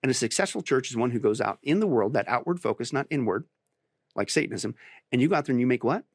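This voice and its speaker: A pastor in a talk interview, a man who speaks emphatically and climbs to forceful, insistent peaks. His voice sits at a middling pitch. The sound is dry and close. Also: lively intonation, fast, creaky, slightly rough, dry recording. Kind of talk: preaching on a podcast interview.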